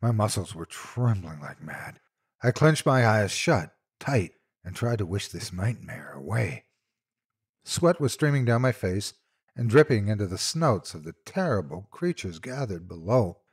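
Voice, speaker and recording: A man with a husky, somewhat low voice reads a horror tale aloud in a dramatic storytelling style. His delivery is lively and swings widely in pitch, and it moves between hushed passages and loud bursts. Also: unhurried.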